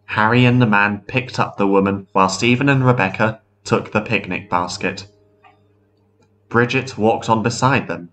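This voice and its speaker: A man narrating a ghost story in a measured, steady way. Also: fairly low pitch. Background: faint guitar music.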